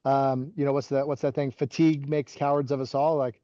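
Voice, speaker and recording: Mellow-voiced man telling wrestling stories. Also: mid-range voice, flat delivery, brisk, no room sound, dull audio. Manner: rambling, heavy use of "like" and restarts. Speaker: podcast guest, former wrestling coach. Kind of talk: casual interview storytelling.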